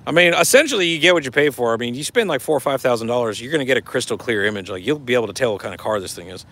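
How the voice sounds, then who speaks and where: A man's voice: mid-range voice, lively intonation, rapid-fire, fairly bright tone. A man casually chatting on a livestream and reading out viewer comments in a laid-back, laughing way. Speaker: vlogger reading live chat.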